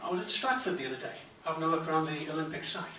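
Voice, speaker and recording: Geordie male stand-up, high-pitched, blunt and crude, roomy club sound from a distance. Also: lively intonation, very fast, bright, forceful tone. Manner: blunt, crude punchline delivery. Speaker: stand-up comedian. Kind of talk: stand-up comedy set. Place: comedy club. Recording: roomy club recording from far off. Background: audience laughter.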